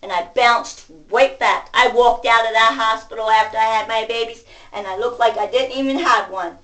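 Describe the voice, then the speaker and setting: A woman venting to camera in a profane rant, going from shouting to muttering. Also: on the high side, fairly even intonation, moderate pace. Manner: profane, ranting, swings between shouting and muttering. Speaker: vlogger. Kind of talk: angry venting monologue. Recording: voice distant from the mic.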